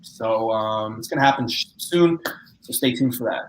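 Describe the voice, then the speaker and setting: A man's voice: fairly low pitch, moderate pace. A man hosting a casual live-stream chat, loose and chatty with lots of fillers. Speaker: podcast host. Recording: echoey room with faint noise.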